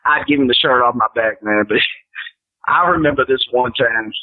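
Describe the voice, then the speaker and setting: A man and guest rapper telling stories in casual chat, animated and acting out quotes in raised voices. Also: mid-range voice, moderate pace. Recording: tinny phone line.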